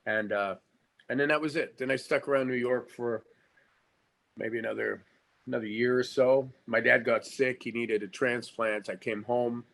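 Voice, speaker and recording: A man's voice: mid-range voice, fairly even intonation, gravelly, fairly bright tone. A middle-aged man from Canada talks through his career as a podcast guest. He speaks frankly and casually, stumbling and restarting his sentences as he thinks aloud. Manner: frank, stammering restarts, drawn-out asides. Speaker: guest actor.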